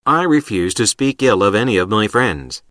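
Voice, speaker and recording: A man reading example sentences for an English lesson in a careful, even read. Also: fairly low pitch, moderate pace, no echo, studio quality.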